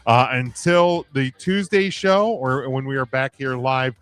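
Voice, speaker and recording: A man at a middle pitch winds down his podcast in an easy, casual way. He runs through plugs loosely and scatters filler words between them. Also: a little slow, clear, resonant tone. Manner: relaxed, filler-heavy plugs. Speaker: podcast host.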